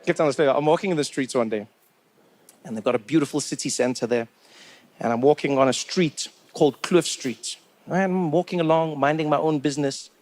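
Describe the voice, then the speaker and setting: A man's voice: on the high side, fairly quick, a little mellow. A South African man doing stand-up, telling a story in a chatty, conversational way with many asides, on a comedy club stage into a handheld mic.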